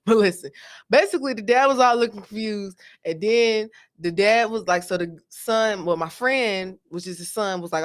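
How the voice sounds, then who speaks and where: Woman, talk co-host, casual chat, animated storyteller. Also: mid-range voice, moderate pace. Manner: animated storytelling, trails off and restarts. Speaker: podcast co-host.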